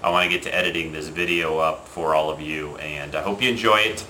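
Low-voiced man signing off a video. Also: fairly quick, echoey room, a little hiss or hum, low-quality recording. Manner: relaxed, with fillers and restarts. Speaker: video channel host. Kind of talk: casual sign-off to viewers.

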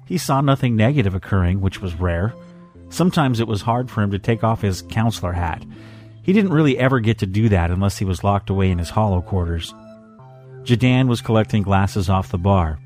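Brief: man reading sci-fi fan fiction, lowish voice, faint music under. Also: expressive, a little fast, darkish tone. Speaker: story reader.

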